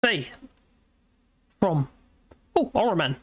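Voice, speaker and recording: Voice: medium pitch, big pitch swings, takes it slowly, husky. A British livestream host chatting in a rambling way, reading viewer comments aloud and laughing often. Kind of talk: rambling live chat.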